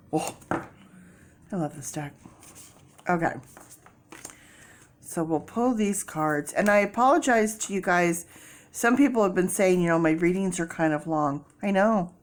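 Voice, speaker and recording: A woman doing a casual tarot reading, chatty and rambling, with many fillers and restarts as she explains her method. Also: on the low side. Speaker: tarot reader.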